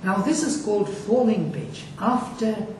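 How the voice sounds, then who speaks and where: Slow and mellow with a voice that sits high, a male teacher lectures on the Sanskrit accent. He asks his class questions, explains, and chants Sanskrit words slowly. The recording has slight background noise, an echoey room, and a far-off microphone.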